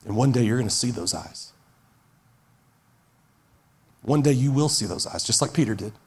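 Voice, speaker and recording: A man's voice: mid-range voice, expressive, normal speed, a little mellow, breathy edge. A man in his forties, a pastor preaching an earnest, emphatic sermon that repeats its key phrases. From Texas.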